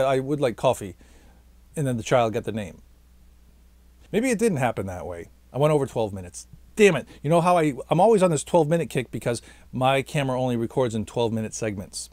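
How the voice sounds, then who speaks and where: A man's voice: medium pitch, a little mellow, no echo. A tired man chats straight to camera in a rambling, self-mocking monologue, always about to sign off and never quite stopping. His voice sits mid-range and sounds close and dry, with no room around it. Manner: chatty, self-mocking, keeps talking past his own sign-off. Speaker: vlogger and stage actor.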